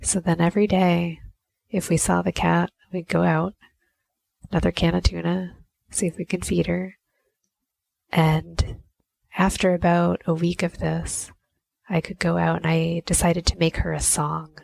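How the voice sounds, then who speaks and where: Low gravelly woman telling a story. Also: little pitch movement, measured pace, long pauses, darkish tone, no echo. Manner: conversational, frequent "you know" fillers. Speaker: podcast host. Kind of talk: personal storytelling.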